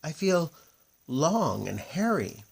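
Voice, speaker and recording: A man voicing a fretful young princess who keeps getting her magic spells wrong, in a high squeaky voice. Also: big pitch swings, slow pace, creaky, slightly rough, full character voice. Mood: plaintive.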